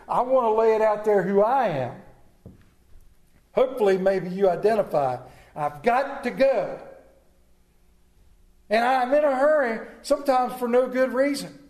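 A man's voice: high-pitched, darkish tone. Self-mocking pastor man in an echoey church. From Maryland. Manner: storytelling, self-mocking humor. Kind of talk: sermon. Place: church sanctuary.

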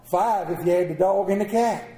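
A man preaching a sermon as pastor, animated and humorous, swinging between loud declarations and hushed quiet moments. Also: high voice, normal speed, reverberant. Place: church.

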